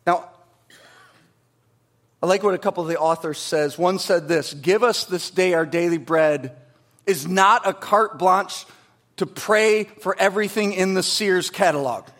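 A middle-aged male pastor preaching a sermon, swinging from loud, emphatic lines to hushed, quiet asides. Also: high voice, unhurried.

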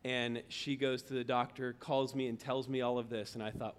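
A man in his thirties preaching a sermon as pastor, telling a story with big swings from shouting to hushed remorse. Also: mid-range voice, fairly even intonation, a little fast, hardly any pauses. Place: church sanctuary. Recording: reverberant church hall.

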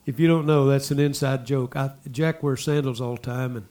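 A man preaching a sermon, talking to the congregation in asides and repeating lines as he builds to loud exhortation. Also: mid-range voice, fairly even intonation, a little fast. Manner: impassioned, repetitive preaching that swells to loud exhortation. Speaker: pastor.

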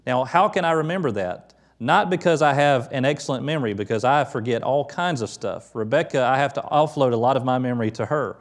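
A middle-aged pastor giving a conversational sermon, quick to lift his voice when quoting the prophets. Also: medium pitch.

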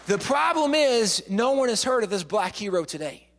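A man giving a lively storytelling lecture, acting out quotes and often repeating words. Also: high voice, moderate pace, some chatter behind. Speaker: speaker. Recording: long hall reverb.

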